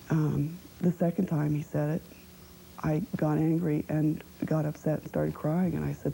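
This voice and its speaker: Interviewee, woman, deep gravelly voice, halting and reflective. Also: flat delivery, dark tone, slight background noise, low-quality recording. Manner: halting, reflective, with many fillers. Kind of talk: personal testimony.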